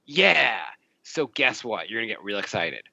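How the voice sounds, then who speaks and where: A man's voice: fairly low pitch, big pitch swings, normal speed, gravelly, bright, forceful tone, no room sound. A man co-hosting a podcast, teasing and joking with casual profanity. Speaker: podcast co-host. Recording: dry, slightly dull audio.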